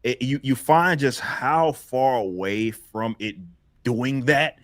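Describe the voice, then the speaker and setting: A man hosting a casual livestream panel, talking in halting, rambling sentences with many restarts. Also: mid-range voice, dry recording, clean studio sound. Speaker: stream host.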